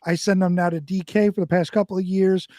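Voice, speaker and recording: Male co-host, high voice, dry close sound, rambling profane chat. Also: little pitch movement, brisk, dark tone, no echo. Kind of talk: casual banter.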